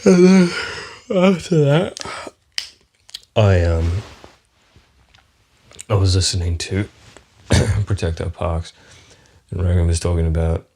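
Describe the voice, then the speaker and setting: Australian male podcast host, very low voice, loose profane comedic monologue. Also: lively intonation, takes it slowly, creaky, pauses often, dark tone. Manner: rambling, profane, chuckling often.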